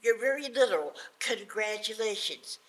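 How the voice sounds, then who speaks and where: A woman voicing a tired, patient mother who explains things slowly and simply to her foolish son. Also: a little high, a bit bright, husky, low-quality recording.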